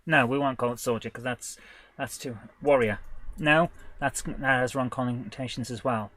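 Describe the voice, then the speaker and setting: A man designing a tabletop game live, thinking aloud in a hesitant, halting way, stopping and correcting himself, with bursts of excitement when an idea lands. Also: medium pitch. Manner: hesitant, halting, full of restarts and self-corrections. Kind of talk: thinking aloud while working.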